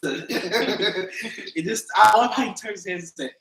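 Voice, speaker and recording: A young man hosting a podcast, telling stories in casual chat and jumping into high-pitched voices when he quotes people. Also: slow pace, a bit bright, a little hiss or hum. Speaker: podcast host. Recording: echoey room.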